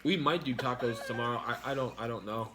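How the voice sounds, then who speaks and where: A man's voice: medium pitch, quick pace. A man with a mid-range voice chats over a meal on a stream, blunt and argumentative. He swears freely and argues his point without any polish. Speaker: mukbang streamer. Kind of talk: casual chat while eating.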